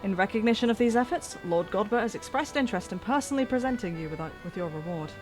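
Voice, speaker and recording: A woman's voice: mid-range voice, lively intonation, quick pace, lightly acted. A woman reading aloud as a formal, courteous male attendant with old-fashioned phrasing, over faint music. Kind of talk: reading game dialogue aloud.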